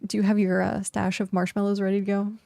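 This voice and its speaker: A woman's voice: medium pitch, level tone, fast, vocal fry, mellow, no room sound, faint music behind. A woman streaming a game and chatting casually, filling her talk with "like" and laughing often. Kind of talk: casual livestream chat.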